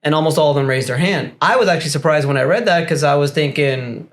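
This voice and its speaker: A man's voice: fairly high pitch, quick pace, hardly any pauses. Casual, candid man guesting on a podcast. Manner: candid and rambling, swears freely. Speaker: guest, business coach.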